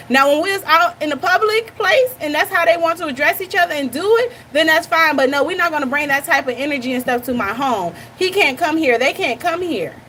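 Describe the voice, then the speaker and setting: A woman's voice: high voice, expressive, a little fast, few pauses, sharp tone, slight background noise. A young woman hosting a reaction channel, talking bluntly and animatedly straight to her viewers in casual commentary.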